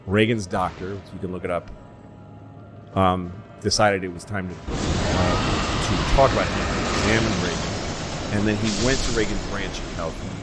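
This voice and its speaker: A man co-hosting a podcast, telling long rambling stories in casual chat, swearing freely and jumping into quick impressions. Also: low voice, loud music behind the voice. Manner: rambling, profane, jumps into impressions. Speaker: podcast co-host.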